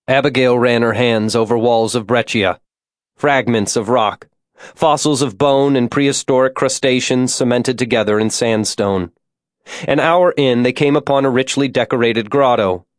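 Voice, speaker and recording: Male audiobook narrator, measured descriptive delivery, mid pitch, dry close studio sound. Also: dry recording. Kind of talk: scripted narration.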